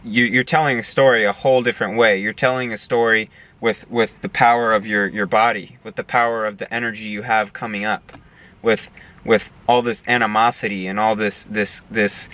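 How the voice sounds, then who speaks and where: A man's voice: mid-range voice, sharp tone. A young man giving an earnest casual monologue, often repeating words as he searches for them. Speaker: video essayist.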